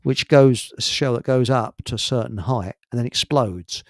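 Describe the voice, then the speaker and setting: Speaking at medium pitch and normal speed, an English host with a Hertfordshire accent keeps the chat casual. He rambles, chuckles often and tends to trail off before finishing sentences. The recording is dry and of studio quality.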